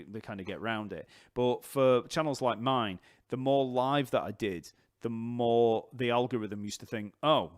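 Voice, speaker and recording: A man teaching bass on a live stream, chatting loosely with many fillers and restarts, his voice going croaky. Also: dry recording, studio quality.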